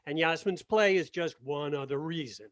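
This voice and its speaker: A man's voice: on the high side, normal speed, close to an everyday voice. A man reading the part of a sarcastic, combative theater artistic director in a video-call play reading. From Washington, D.C. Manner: sarcastic, needling.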